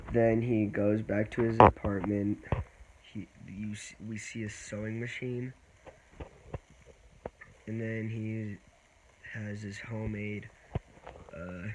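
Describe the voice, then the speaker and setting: A man giving a casual spoiler movie review, rambling and halting with many restarts. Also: fairly low pitch. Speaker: vlogger. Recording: noisy background.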